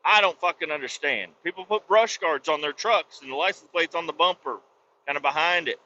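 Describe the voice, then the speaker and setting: Casual male podcast host, profane and exasperated, rambling storyteller, slightly high bright voice. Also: fairly quick, highs cut off.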